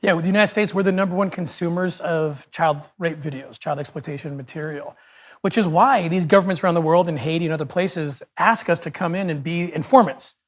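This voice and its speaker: A man's voice: a little high, brisk. Earnest man telling a story. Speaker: guest.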